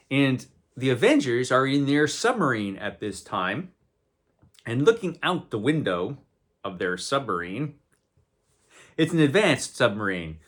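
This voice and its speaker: A man's voice: mid-range voice, fairly bright tone. A man giving a casual, conversational comic book review, full of wry asides.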